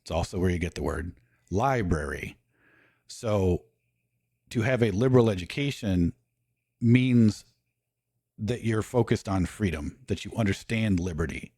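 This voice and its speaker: A man's voice: on the low side, animated, unhurried, pauses often, darkish tone, husky, no echo, clean studio sound. A man in casual talk, lecturing and walking through his points one by one.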